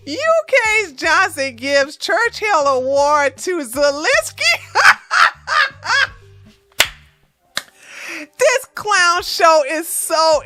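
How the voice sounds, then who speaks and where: A woman with a high, sharp voice hosts a news commentary show, reading stories aloud. Between passages she tosses in sarcastic, mocking remarks and sometimes dissolves into laughter mid-read.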